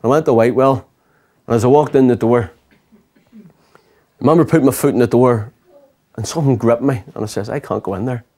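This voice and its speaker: A man's voice: medium pitch, a little fast, long pauses, dark tone. A pastor telling his life story as an earnest personal testimony. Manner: earnest storytelling, quoting himself and others.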